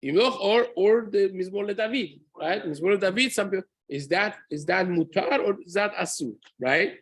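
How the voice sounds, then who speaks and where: A man's voice: high-pitched, moderate pace, breathy edge. A man, a rabbi, giving a spoken Torah lesson in an earnest way, often asking "right?" and using Hebrew terms. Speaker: rabbi teaching a daily halacha class.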